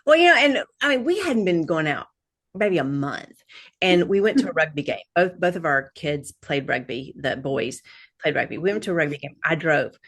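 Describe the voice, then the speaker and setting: A woman's voice: sits low, animated, moderate pace, a bit bright, breathy edge. A middle-aged woman, a podcast guest, telling rambling personal stories with lots of fillers and laughs. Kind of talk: casual chat.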